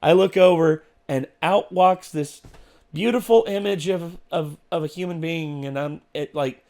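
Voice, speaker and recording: A man's voice: a little high, unhurried, a little mellow. A man co-hosting a reaction show, telling a story in casual chat with rambling restarts and fillers.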